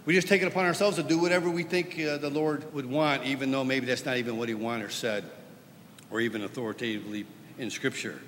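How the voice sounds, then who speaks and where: Emphatic preacher echoing through a hall. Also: male voice, expressive, fast, a little hiss or hum. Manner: emphatic preaching, swings from loud stern lines to low quiet asides. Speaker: pastor. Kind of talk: sermon.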